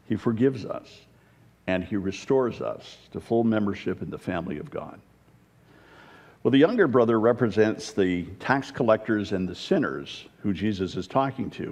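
A man's voice: fairly low pitch, darkish tone, long reverb tail. A man preaching a sermon, reading scripture aloud and then explaining it plainly, with occasional fillers.

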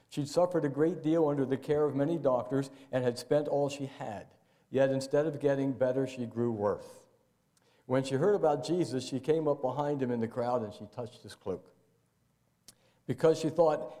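A man's voice: normal speed, warm tone. An older man preaching a sermon to his congregation in a folksy, conversational way. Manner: conversational, folksy, jumps into high playful voices for asides. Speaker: pastor. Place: church sanctuary.

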